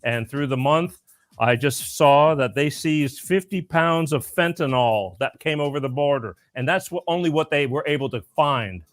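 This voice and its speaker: A man's voice: on the high side, normal speed. A man hosting a casual talk show, rambling through stories with lots of restarts. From Florida. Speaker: host. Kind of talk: casual chat.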